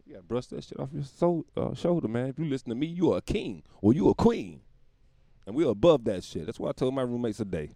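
A man's voice: medium pitch, big pitch swings, quick pace, creaky, warm tone, dry recording. A man hosting his own podcast, rambling through a profane comedic monologue and laughing at his own jokes. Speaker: podcast host.

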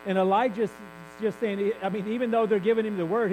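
A man's voice: high-pitched, steady tone, fairly quick, background noise. A man preaching a sermon in a candid, conversational way, building to emphatic peaks.

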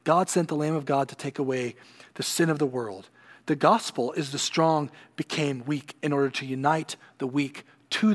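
A man preaching a sermon, building to emphatic peaks and then dropping low and quiet. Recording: long hall reverb.

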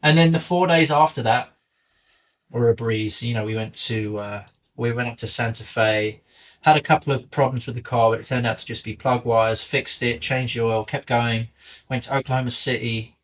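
A man's voice: mid-range voice, normal speed. A man with an English accent, a podcast guest telling a long road-trip story in casual chat, full of swearing and acted-out voices of other people. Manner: animated, profane storytelling, acting out others' lines.

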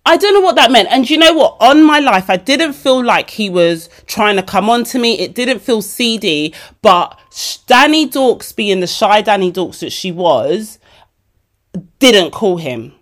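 A woman, hosting her podcast and telling a story casually, chatty and animated as she acts out the dialogue. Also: mid-range voice, unhurried. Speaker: podcast host.

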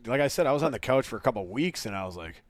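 A man's voice: medium pitch, expressive, racing, dry recording. A man co-hosting a podcast in blunt, profane, casual chat. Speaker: podcast co-host.

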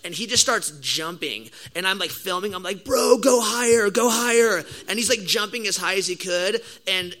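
A young adult man giving a sermon, opening with a casual, animated story full of slang before turning to the message. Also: high voice, normal speed, hardly any pauses, low-quality recording. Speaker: pastor.

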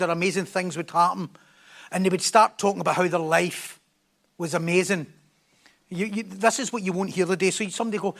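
Preacher, high gravelly voice, animated and joking, sermon delivery. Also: male voice. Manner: animated, joking, repeats words.

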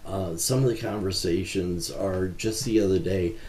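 Male ministry founder as interview guest: low voice, mellow tone, earnest and measured, recorded with an echo of the room. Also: steady tone. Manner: earnest, measured, with frequent fillers. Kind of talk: conversational interview answers. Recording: roomy echo.

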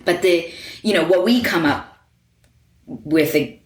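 A woman's voice: lowish voice, slow pace. A woman guest in a casual interview, talking about her design work with lots of "like" and "you know" and easy laughter. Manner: chatty, many fillers like "like" and "you know"; laughs easily. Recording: roomy echo.

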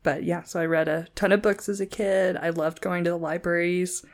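Young woman co-host, easygoing casual chat, lower pitch. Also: normal speed. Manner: relaxed, agreeable, short backchannels. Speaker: podcast co-host.

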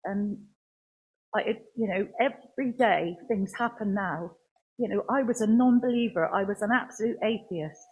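A woman giving a personal faith testimony in church, speaking earnestly in a halting way with many restarts. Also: medium pitch, slightly rough, low-quality recording.

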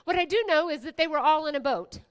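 A woman pastor preaching a sermon, swinging from hushed whispers to loud exclamations, with playful asides to the congregation. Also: high-pitched, fast talker.

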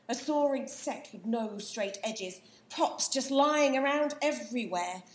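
A theatrical, sharp-tongued actress with grand ambitions, played by a woman in a comedic audio play. Her voice sits a little high and carries a roomy echo. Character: dramatic ambitious actress who wants an epic.

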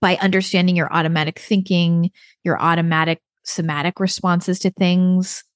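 A chatty woman hosts her own podcast, telling a story with frequent laughs and lively acted-out dialogue. Her voice sits a little low for a woman. The recording is dry and close, with no room sound. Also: moderate pace, no echo. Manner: chatty, laughs often, animated quoted dialogue. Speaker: podcast host. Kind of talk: casual solo podcast storytelling.

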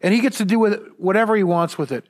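A pastor from Southern California preaching to his church in a notably high-pitched male voice. He talks earnestly, doubling back and repeating words as he drives a point home. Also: racing. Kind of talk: sermon.

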